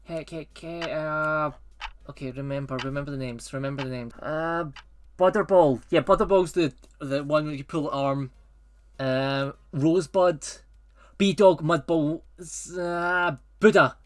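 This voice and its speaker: Excitable sarcastic male streamer. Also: fairly high pitch, unhurried. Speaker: streamer ranking films. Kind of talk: casual chat.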